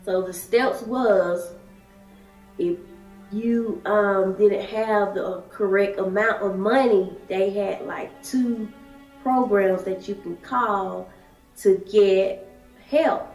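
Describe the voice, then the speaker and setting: A woman, telling her own story in halting, emotional short phrases. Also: medium pitch, steady tone. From Alabama, USA. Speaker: daycare worker sharing her story. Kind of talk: personal testimony. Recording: echoey room, distant mic, soft music.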